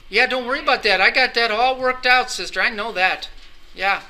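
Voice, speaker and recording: A man's voice: very high-pitched, brisk, sharp tone. A man teaching an anatomy and physiology class, lecturing in a playful, teasing way with rambling jokes. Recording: classroom recording with background noise.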